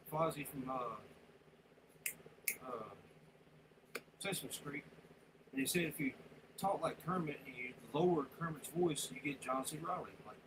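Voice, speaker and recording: A man livestreaming, rambling and swearing in casual chat. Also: medium pitch. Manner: rambling, profane, drawling Southern-style talk. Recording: noisy room sound.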